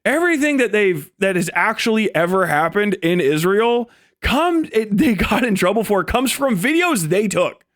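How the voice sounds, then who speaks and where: A man's voice: high voice, very animated, moderate pace, fairly bright tone, dry recording, studio quality. A man hosting a live stream, ranting in a profane, mocking way and mimicking people sarcastically. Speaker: streamer host.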